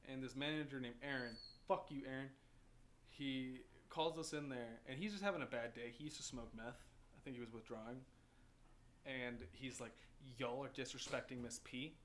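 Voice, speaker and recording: A man's voice: mid-range voice, normal speed, fairly bright tone. Profane young man telling stories. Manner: profane storytelling, swears freely. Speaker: podcast host. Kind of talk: casual chat. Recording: faint background noise.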